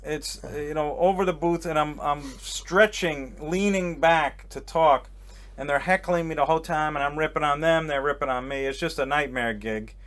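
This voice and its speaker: A male comedian with a fairly high, slightly bright voice speaks at a moderate pace as a guest, telling a rambling, self-mocking story in a casual chat on a boat in a harbor.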